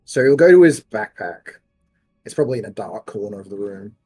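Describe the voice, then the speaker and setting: A man playing a tabletop game, gentle and affectionate as he describes his character's actions. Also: lowish voice, animated, brisk, husky, soft background music. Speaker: player. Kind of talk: tabletop role-play.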